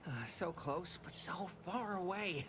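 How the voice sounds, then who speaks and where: A wheedling corporate schemer. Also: male voice, high voice, measured pace, background noise. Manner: folksy, wheedling salesman patter. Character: scheming talkative corporate underling man. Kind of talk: video game dialogue.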